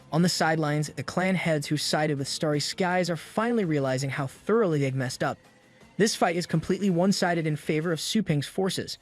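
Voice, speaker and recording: A man narrating a comic recap in a scripted style, breaking in with wry, slangy asides. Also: a little high. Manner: wry, slangy commentary between plot beats.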